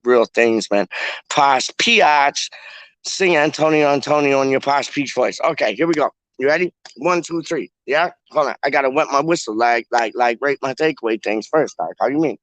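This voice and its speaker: A man's voice: medium pitch, moderate pace, fairly bright tone, dry recording. A man hosting a casual livestream, rambling in slang with lots of "like" and restarts. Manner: slangy, rambling, heavy use of "like". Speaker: livestream host. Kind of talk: casual live chat.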